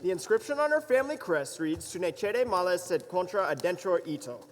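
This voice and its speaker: A man's voice: high voice, animated, fairly quick. A man playing a hesitant, scholarly male court wizard in a live stage musical, recorded by a far camera. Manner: reads aloud, then hedges with fillers. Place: theater stage. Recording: reverberant theater, faint noise.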